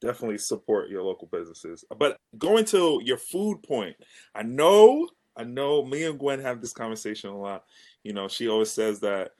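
A man's voice: medium pitch, sing-song, a little fast. A man in a casual chat who jokes around and laughs between his lines.

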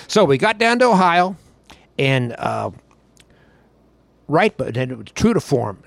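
A man's voice: medium pitch, gravelly. An older man, a longtime football staffer, telling a folksy anecdote with drama, acting out the people in it. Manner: folksy, dramatic, voices others in his tale.

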